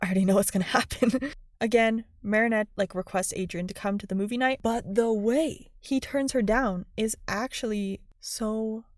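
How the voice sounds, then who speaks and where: A young woman giving casual, animated commentary on a cartoon episode, chatty and full of "like" fillers. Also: a little high, a little slow, no room sound, studio quality.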